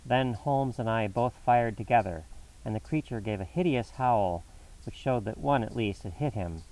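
A man reading a classic novel aloud as a narrator, in a measured, dramatic storytelling manner. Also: on the low side, darkish tone, far from the mic, rough recording. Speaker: audiobook narrator.

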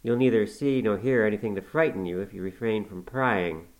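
Brooding, curt middle-aged master, low and terse, storybook, with a man reading him. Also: brisk, a little mellow, close to an everyday voice, poor audio. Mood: mocking. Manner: terse, dismissive.

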